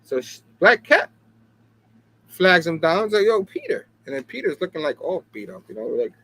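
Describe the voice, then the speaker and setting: A man hosting a casual comic book talk show, chatty and animated, often laughing and asking "you know what I mean". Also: on the high side, moderate pace. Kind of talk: casual chat.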